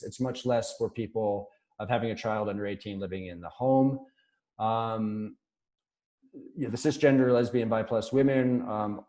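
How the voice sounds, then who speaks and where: A man's voice: mid-range voice, dark tone, rough recording. A man presenting survey research in a webinar, speaking conversationally with many ums and restarts.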